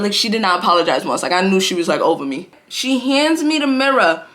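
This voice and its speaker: A woman's voice: medium pitch, expressive, a little fast, a bit bright. Chatty young woman telling a storytime. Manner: slangy, chatty, full of "like" and "bro". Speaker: vlogger. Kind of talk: casual storytime vlog.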